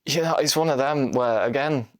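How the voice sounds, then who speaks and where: A man's voice: medium pitch, normal speed, no room sound, clean studio sound. Blunt man talking football. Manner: blunt, swears casually, laughs often. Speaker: podcast co-host. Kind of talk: casual football chat.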